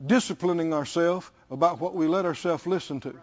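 A man's voice: on the high side, a little fast, a little mellow, dull audio. A middle-aged man preaching a sermon as pastor, emphatic and calling out to the congregation.

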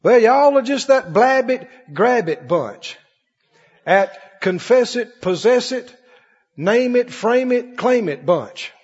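A man preaching a sermon in a large church. He works the crowd with call-and-response, swinging from loud, high cries down to low murmurs. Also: very animated, takes it slowly, husky. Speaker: pastor. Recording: muffled recording with long hall reverb.

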